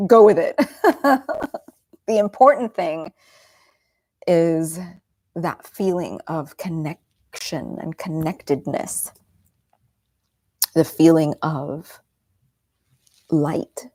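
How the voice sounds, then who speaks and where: A woman meditation teacher guiding a session in a gentle, soothing voice, often half-whispered, and speaking in a heartfelt, earnest way. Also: on the low side, dry recording. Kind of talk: guided meditation and reflection.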